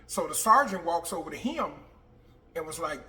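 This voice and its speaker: High, bright-voiced man telling a story. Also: moderate pace. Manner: animated, profane, acts out quoted people. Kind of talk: casual personal storytelling. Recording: roomy, distant mic with faint noise.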